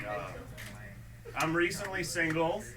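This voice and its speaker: Deadpan young stand-up comic in a theatre. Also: male voice, a little high, a little slow, crowd noise. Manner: deadpan storytelling, acting out both sides of the dialogue. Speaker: stand-up comedian. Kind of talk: stand-up comedy set. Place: small theatre stage. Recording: distant mic with audience laughter.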